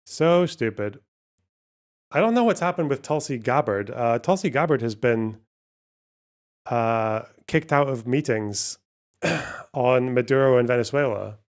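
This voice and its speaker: Brief: male streamer, mid-pitched, sardonic running commentary. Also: expressive, unhurried. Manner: profane, sardonic, thinking aloud. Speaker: streamer host. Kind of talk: casual live-stream commentary.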